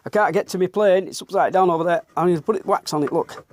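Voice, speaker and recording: A man's voice: high-pitched, fast talker, darkish tone. A Northern English man who is slightly out of breath, talking bluntly through his woodworking as he works in a workshop. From England. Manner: blunt, mutters while working, occasional mild swearing. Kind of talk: workshop commentary while working. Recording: clear workshop noise behind. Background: planing, rubbing and wood noises.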